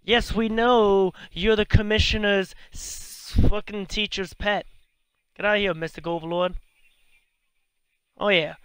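Excitable high-voiced man commentating a game. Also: a little slow, long pauses, clear, resonant tone, no echo. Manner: excitable, profane, chatty. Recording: noisy home recording.

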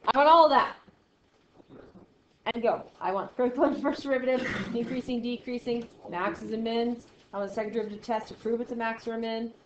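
Chatty woman teaching math in a classroom. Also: a little high. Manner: chatty, self-deprecating, quizzes students. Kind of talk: classroom lecture. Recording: roomy, dull lo-fi sound with faint noise.

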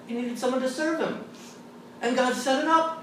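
A man, a Catholic theologian, telling stories to a college audience in an animated, humorous way and acting out the people he quotes. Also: extremely high pitch, moderate pace, recorded from a distance. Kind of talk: storytelling talk to a college audience. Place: large hall at a college. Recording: echoey room miked from afar with background noise.

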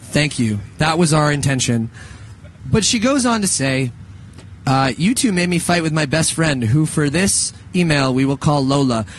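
A young man in his twenties co-hosts a studio radio show, talking loosely and joking, often circling back and restarting his sentences. His voice sits a little high. A faint hiss runs under the recording. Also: animated, normal speed. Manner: rambling with restarts, laughing. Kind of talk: casual joking radio chat.

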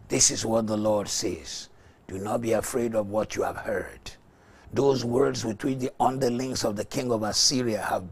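A male pastor leading a fervent morning prayer sermon, declaring loudly, dropping to whispers and speaking in tongues. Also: lowish voice, gravelly, husky.

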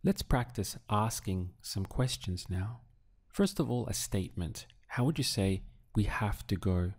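A man in a recorded lesson, patient and deliberate, pausing for the learner to answer. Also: fairly low pitch, animated. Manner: slow, patient drills with pauses for the learner. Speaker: language teacher.

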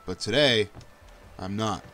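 A young man casually narrating his own gameplay, swearing often and breaking into high yelps when danger shows up. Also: slow, bright, forceful tone, a little hiss or hum. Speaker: gameplay commentator. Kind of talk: casual let's-play commentary.

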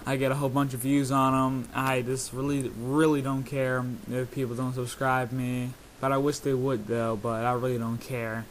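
Male video creator, casual self-commentary: monotone, halting, filler-heavy. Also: mid-range voice, slight background noise. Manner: rambling, many hesitations and fillers.

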